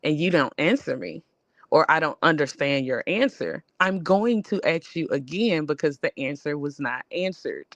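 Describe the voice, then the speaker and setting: A woman with a Southern US accent co-hosting a casual barbershop-style chat, talking in a loose, animated way full of fillers. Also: low-pitched, normal speed, dry recording. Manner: animated, drawling, lots of fillers. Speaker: podcast co-host.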